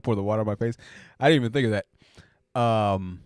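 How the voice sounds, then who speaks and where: A man's voice: fairly low pitch, moderate pace, long pauses, a little mellow, clear, resonant tone, dry recording. Joking, rambling man hosting a live stream. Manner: joking, rambling, laughs often. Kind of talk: casual live chat.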